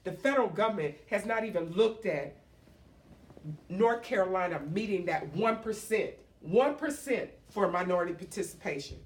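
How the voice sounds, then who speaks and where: A woman's voice: mid-range voice, animated, normal speed. A middle-aged woman and small business owner giving an emotional, emphatic public speech, repeating phrases for force. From United States. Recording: roomy echo, speaker far from the mic.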